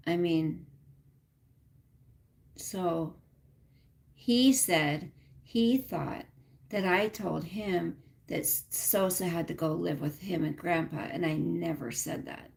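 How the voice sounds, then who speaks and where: A woman's voice: lowish voice, gravelly. A woman hosting a casual livestream, rambling and venting with lots of fillers and some swearing. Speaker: livestream host.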